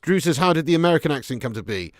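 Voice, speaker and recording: A man from England hosting a live football watch-along, chatting casually and reading viewer comments, with sudden excited bursts. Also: a little high, racing, no room sound, studio quality. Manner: chatty, laddish, swings from mumbling to excited bursts.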